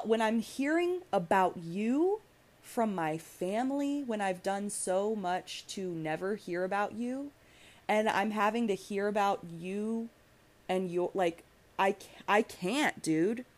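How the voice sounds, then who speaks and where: A woman's voice: medium pitch, slow. A young woman hosting a podcast, ranting bluntly and emotionally with profanity and many restarts. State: emotional, angry. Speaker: podcast host. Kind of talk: heated podcast rant.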